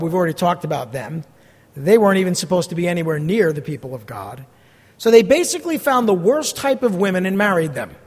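A man's voice: high-pitched, sing-song, brisk, slightly rough. A middle-aged man preaching a sermon as pastor, earnest, blunt and emphatic as he teaches from scripture. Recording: long hall reverb.

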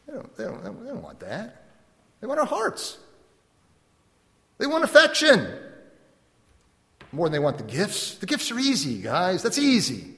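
A man preaching a sermon as a pastor, animated, acting out little dialogues and laughing often. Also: high-pitched, moderate pace, long pauses. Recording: long hall reverb.

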